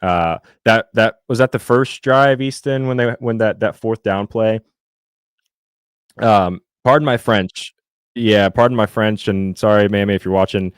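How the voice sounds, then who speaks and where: Rambling low-voiced man chatting football. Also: a little slow, smooth, no room sound, studio quality. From Indiana, US. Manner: rambling, many fillers and restarts. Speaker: podcast co-host. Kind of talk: casual sports chat with live chat.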